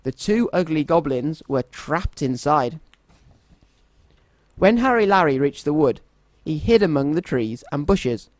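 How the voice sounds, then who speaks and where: Reading a children's story aloud, a man uses a gentle, expressive storytelling manner. His voice sits on the high side and he takes his time, captured in a dry recording.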